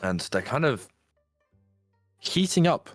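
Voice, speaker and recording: A man's voice: medium pitch, sing-song, takes it slowly, no echo, studio quality, faint music behind. A man narrating a tabletop horror game as game master.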